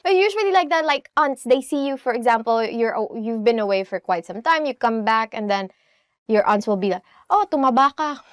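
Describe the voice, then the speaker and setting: A young woman with a Filipino accent hosting a casual language lesson, chatty and laughing often, repeating phrases slowly. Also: fairly high pitch, no room sound, clean studio sound. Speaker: language teacher host.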